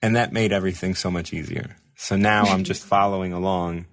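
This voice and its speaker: A man hosting a show, telling a rambling, self-mocking story in casual chat, animated, with laughs and restarts. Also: low voice, brisk. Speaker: show host.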